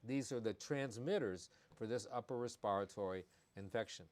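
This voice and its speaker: A man's voice: on the low side, normal speed, a little mellow. A man who is a veterinarian, hosting a live-streamed pet health talk in a folksy, conversational way and repeating his key points. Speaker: veterinarian host.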